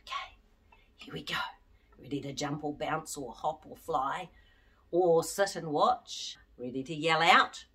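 A woman's voice: low voice, a little slow, far from the mic. A woman leading children through an interactive song, talking to them directly and encouraging them. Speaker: children's singer and presenter. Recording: speech over loud guitar music.

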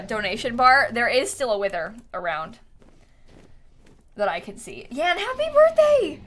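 A woman streaming a video game live, muttering softly to herself, then shrieking and laughing when things go wrong. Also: high-pitched. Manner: excitable, shrieks and laughs at setbacks. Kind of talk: live gameplay commentary.

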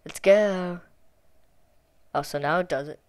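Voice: mid-range voice, slow, no room sound. Sarcastic, exasperated young gamer voice. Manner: laughs often. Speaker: video host chatting with a chatbot. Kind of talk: casual chat reading out a typed conversation.

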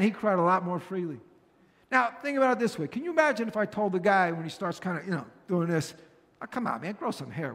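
A man's voice: high voice, a bit bright, big-room sound. A male pastor giving an earnest, conversational sermon, often repeating phrases for emphasis.

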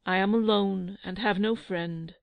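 A woman's voice: medium pitch, steady tone, unhurried, gravelly, no echo, highs cut off. A woman voicing a haughty young prince who has lost his throne, mocking and proud in a storybook reading. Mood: scornful.

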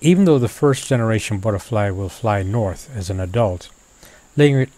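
A man with a low voice muses through a voice-over for his own nature video. He is unhurried and reflective, and he now and then talks straight to his subject. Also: lively intonation, warm tone, no room sound.

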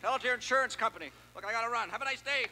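A man's voice: very high voice, racing, pushed and bright, big-room sound, a little hiss or hum, heavily acted. A man voicing an impatient street mugger who rattles on and repeats himself. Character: pushy fast-talking street mugger.

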